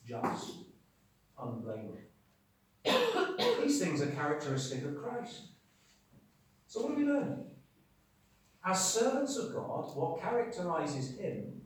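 A man preaching a sermon. He talks emphatically, asks rhetorical questions and swings between loud and quiet. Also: medium pitch, recorded from a distance. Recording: very echoey hall, speaker away from the mic.

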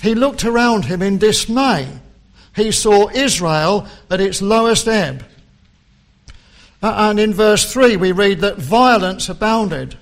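A man preaching a sermon, slow and deliberate, quoting scripture with rising emphasis. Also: high voice.

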